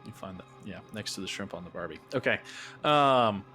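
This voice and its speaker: A man's voice: on the low side, animated, fairly quick, pushed and bright, soft background music. A man narrating as game master of a tabletop game, loose and rambling with many restarts.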